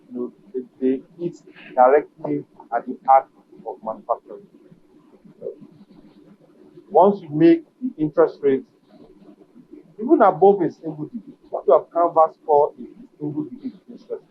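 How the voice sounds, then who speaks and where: A man, a business association leader, answering an interview question in a measured, emphatic way and repeating key phrases. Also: high-pitched, narrow, tinny audio, slight background noise.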